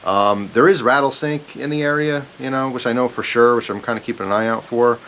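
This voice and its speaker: A young man telling a rambling, animated story to camera, often chuckling as he goes. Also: medium pitch, fairly quick. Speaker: vlogger. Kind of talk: casual storytelling. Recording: faint hiss.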